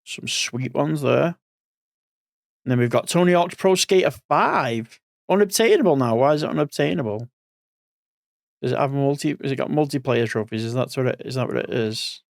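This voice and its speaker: A man's voice: medium pitch, expressive, normal speed, vocal fry, dry recording, clean studio sound. A man in his forties giving casual gaming commentary as a streamer, rambling and thinking aloud, a bit sleepy. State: sleepy, yawning.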